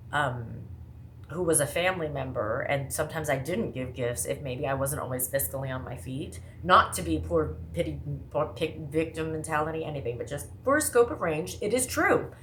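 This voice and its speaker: Woman, low voice, from the Midwest, fast rambling chat, lots of asides. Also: a bit bright, a little hiss or hum. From American Midwest. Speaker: vlogger. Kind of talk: casual monologue to camera.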